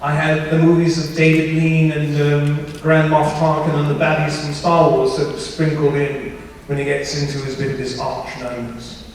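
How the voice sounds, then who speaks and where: A man's voice: fairly high pitch, little pitch movement, moderate pace. A chatty man speaking as an actor on a convention panel, joking and slipping into a posh English voice. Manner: chatty, playful, often slips into a posh English voice. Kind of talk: casual panel talk. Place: large convention hall. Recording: echoey hall from far off, faint noise.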